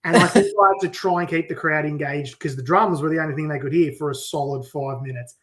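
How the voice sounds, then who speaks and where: Man telling lively stories. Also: a little high, fast. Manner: lively anecdotes with frequent laughs. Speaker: wildlife demonstrator and drummer. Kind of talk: casual podcast storytelling.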